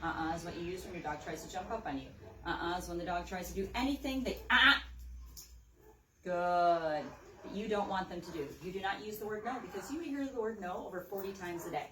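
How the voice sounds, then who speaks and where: A woman dog trainer giving an upbeat hands-on demo, calling out sharp high praise to a dog as she works. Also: fast, background noise. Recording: roomy, mic at a distance.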